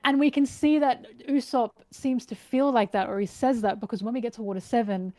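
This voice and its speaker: A woman in casual podcast chat, animated and analytical, eagerly retelling and explaining scenes. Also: fairly high pitch, brisk, no echo. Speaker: guest.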